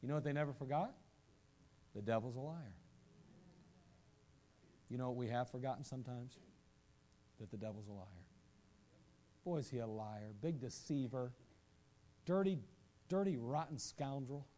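A man preaching a sermon, animated, asking rhetorical questions and acting out quoted voices, at times rising to shouts. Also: medium pitch, moderate pace, long pauses. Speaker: pastor.

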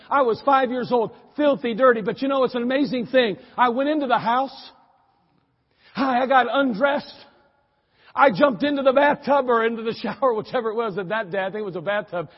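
A man with a high, husky voice preaches in a folksy, joking storytelling style and leans on repeated phrases. The sound is dull and muffled, with a long hall reverb trailing behind every line. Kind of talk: sermon storytelling.

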